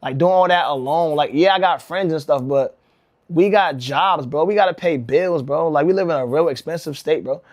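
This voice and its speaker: Young streamer guy, slightly high voice, loose slangy storytelling, lots of bro, for a casual vlog read. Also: moderate pace, no room sound, clean studio sound. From Connecticut, USA. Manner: slangy and rambling, says bro a lot, restarts often. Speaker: rug-making livestreamer.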